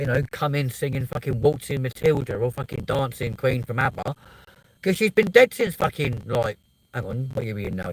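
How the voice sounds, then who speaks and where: A man's voice: mid-range voice, rough recording. A man ranting casually and bluntly, swearing a lot as he tells a story. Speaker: vlogger.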